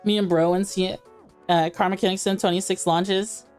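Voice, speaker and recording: A woman's voice: mid-range voice, steady tone, normal speed, darkish tone, smooth, faint music behind. A woman streamer chatting casually while playing, laughing easily and talking to her chat.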